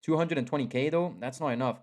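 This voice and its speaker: A young man giving live commentary on a strategy game match. He is excitable, repeats himself and talks straight to the players. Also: medium pitch, fast. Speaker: esports caster.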